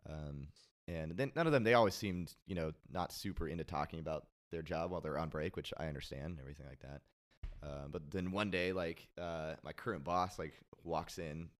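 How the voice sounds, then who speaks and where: Deep-voiced man telling a rambling story. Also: a little fast. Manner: rambling storyteller, loose with fillers and swearing. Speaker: podcast guest. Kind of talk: casual chat.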